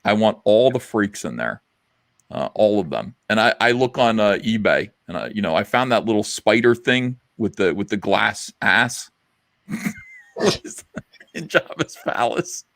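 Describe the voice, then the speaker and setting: A man's voice: on the low side, lively intonation, measured pace, gravelly, fairly bright tone, no room sound. A middle-aged man hosting a casual livestream chat, rambling and blunt with lots of fillers. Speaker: livestream host.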